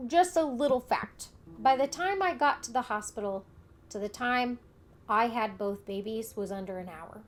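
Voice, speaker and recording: A woman's voice: fairly high pitch, normal speed. A young adult woman vlogger candidly telling a personal story in casual conversation, acting out what others said. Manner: candid, conversational, retells events with quoted dialogue.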